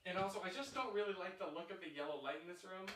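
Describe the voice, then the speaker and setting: A man's voice: sits high, rapid-fire, a little hiss or hum. A man hosting a casual live stream from a small room at home, chatting with viewers in a chatty, effusive way. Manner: chatty, animated, effusive congratulations. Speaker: livestream host. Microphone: desk microphone, sometimes turned away.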